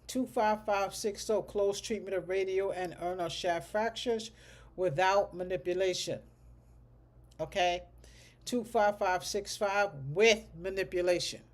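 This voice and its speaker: A medical coding instructor giving a livestreamed class lecture, thinking aloud and ending most sentences with a checking "okay?" while slowly repeating code numbers. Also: medium pitch, steady tone.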